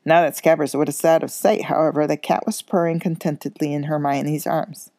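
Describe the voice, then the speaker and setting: A woman reads a children's novel aloud at a steady pace. Her voice is very low, dark and gravelly. She sometimes trips on a word and corrects herself, and the sound is dry and close. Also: moderate pace, no room sound. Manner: steady reading with small slips and corrections. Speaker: school coach reading aloud.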